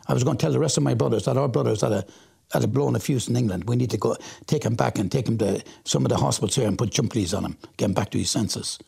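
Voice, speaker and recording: Middle-aged Irish man, very gravelly and husky voice, vivid storyteller who plays out the quotes. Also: mid-range voice, a little mellow. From Ireland. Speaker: interviewee. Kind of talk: personal testimony.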